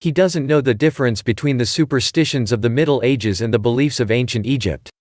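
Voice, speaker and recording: A man's voice: mid-range voice, fairly quick, a little mellow, no echo, clean studio sound, natural voice. A man doing a scornful, angry old expert. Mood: indignant. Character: irate male archaeologist, pompous and scornful.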